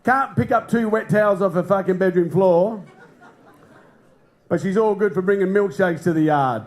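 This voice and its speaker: A middle-aged man with an Australian accent ranting through a stand-up set in a comedy club. His voice sits high, and he swears freely. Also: moderate pace. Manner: brash, sweary, ranting delivery. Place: comedy club stage with a live audience.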